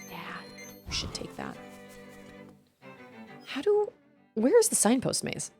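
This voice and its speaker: A young woman chats and laughs her way through a game stream, her voice swinging widely up and down as she talks to viewers. She breaks into excited squeals at surprises. Faint game music plays underneath. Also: mid-range voice. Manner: chatty, giggly, squeals excitedly at game moments. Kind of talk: casual gameplay chat with viewers.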